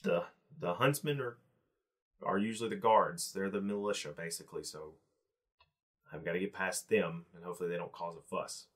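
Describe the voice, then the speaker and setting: Man, game master, tabletop narration, rambling, fairly low voice. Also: moderate pace, slightly rough. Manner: rambling, full of restarts and fillers.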